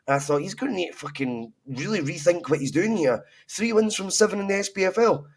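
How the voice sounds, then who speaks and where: A Scottish man co-hosting a podcast, talking football in a casual, opinionated and animated way, swearing freely. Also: sits high, a little fast, husky. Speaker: podcast co-host.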